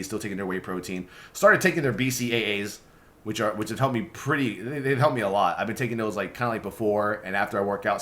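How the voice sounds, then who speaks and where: A man's voice: lowish voice, fairly bright tone. A young man hosting a casual vlog, rambling and swearing with lots of fillers and restarts. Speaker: streamer and vlog host.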